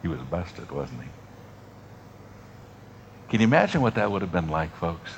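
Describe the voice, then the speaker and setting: Male pastor, low voice, preaching style with big swings from emphatic to hushed, slight noise on the track. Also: sing-song, creaky, muffled recording. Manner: dynamic preaching, drops to soft near-whispers, long dramatic pauses. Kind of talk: sermon.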